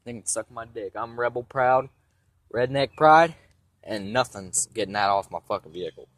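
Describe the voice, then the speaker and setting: A man's voice: medium pitch, moderate pace, fairly bright tone, dry recording. A young man with congested sinuses telling a rambling, profane story about his truck in a blunt, casual way, outdoors beside parked trucks on a handheld phone camera. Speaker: vlogger giving a vehicle tour.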